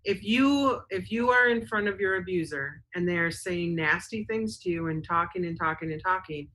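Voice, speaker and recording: Woman, co-host, earnest, lowish pitch, bright voice. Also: normal speed, rough recording. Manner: earnest, reads out viewer comments. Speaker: show co-host. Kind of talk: casual advice talk.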